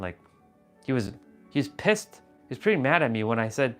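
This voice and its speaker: An animated man tells a personal story on a home livestream, casual and confessional, swearing as he goes. His voice sits at a medium pitch. Soft music plays faintly behind him. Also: normal speed, pauses often. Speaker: livestream host. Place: room at home.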